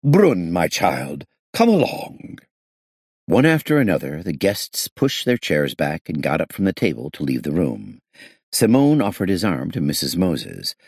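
A man reading a detective novel aloud as an audiobook narrator, shifting his pitch to voice the characters. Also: very animated, moderate pace, gravelly, breathy edge, no room sound, studio quality.

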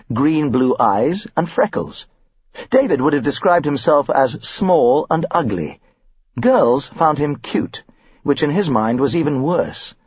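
A man narrating an audiobook in a wry, expressive storytelling manner. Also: medium pitch, husky, dry recording, muffled recording. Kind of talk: scripted narration.

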